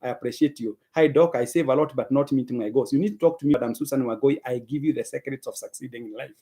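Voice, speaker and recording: A fast-talking man with a warm, medium-pitched voice and a Kenyan accent runs a live stream. Reading viewers' names and comments, he thanks each in turn and alternates between English and Swahili.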